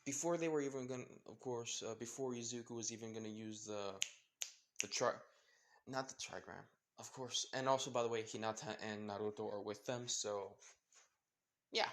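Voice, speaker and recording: A young man improvising a fan fiction story out loud, rambling with many fillers and self-corrections. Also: medium pitch, fairly even intonation, normal speed, slight background noise.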